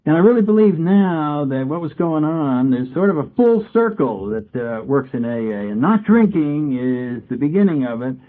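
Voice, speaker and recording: A man's voice: on the high side, sing-song, normal speed, hardly any pauses. A man giving an AA talk, telling his story conversationally and acting out his past conversations. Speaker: AA speaker. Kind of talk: recovery talk to a meeting. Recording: tinny, phone-like old tape recording.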